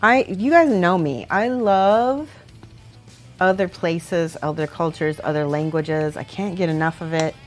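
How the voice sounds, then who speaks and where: A woman with a fairly low voice rambles casually and giggles often as she paints miniatures for her viewers. She speaks at an unhurried, slow pace and goes soft when she concentrates. Faint music plays behind her. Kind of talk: casual chat while painting.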